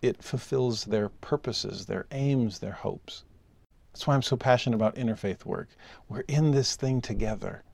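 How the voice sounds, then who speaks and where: A man teaching a scripture lesson in a dry, close recording. He is emphatic, dropping into soft asides and then lifting into raised exclamations. His voice sits at an ordinary middle pitch. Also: normal speed, gravelly, husky, no room sound.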